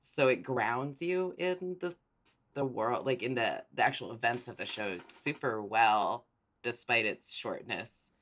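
A man's voice: medium pitch, a little slow, a bit bright. A man co-hosting a casual podcast chat, enthusiastic and rambling, with lots of fillers. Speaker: podcast co-host.

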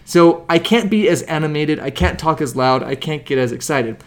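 A man co-hosting a casual sports podcast from a room in a home, talking into a shared microphone with animated, playful exaggeration. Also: fairly high pitch, normal speed. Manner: animated, joking, tells stories with playful exaggeration. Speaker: podcast co-host. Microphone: shared studio microphone.

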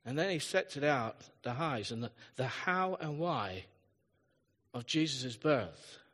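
A man's voice: mid-range voice, lively intonation, measured pace, a bit bright. A man preaching a live sermon as pastor, telling chatty stories with humorous asides in a church hall. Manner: chatty storytelling with asides and self-deprecating humor. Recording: long hall reverb.

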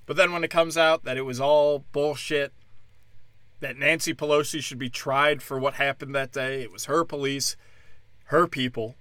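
A podcast host and stand-up comedian rants solo in a mid-range, slightly bright voice with fairly even intonation and moderate pace, with no room sound. His monologue is angry, profane and sarcastic, with put-on voices to mock others.

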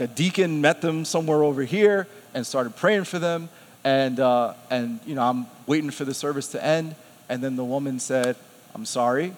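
A man preaching a sermon, telling a personal story with lively self-quotes and frequent laughs. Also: medium pitch. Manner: animated, laughs often, quotes himself. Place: church sanctuary. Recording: long hall reverb.

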